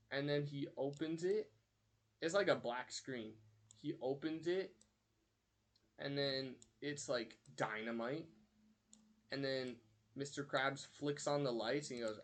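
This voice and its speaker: A man's voice: medium pitch, a little slow. A young man streaming, rambling through a story and counting aloud while he draws. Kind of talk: casual live-stream chat.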